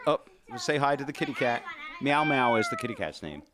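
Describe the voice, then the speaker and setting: A man's voice: mid-range voice, big pitch swings, a little fast, heavy background noise. An older man hosting a podcast from a family vacation, chatting casually with playful emcee patter. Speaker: podcast host.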